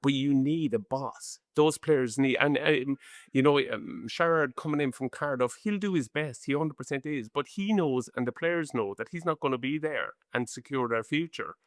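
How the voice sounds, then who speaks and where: A man's voice: mid-range voice, moderate pace, dry recording. Irish male co-host, forties, chatty and rambling, dry close podcast sound. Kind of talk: casual chat.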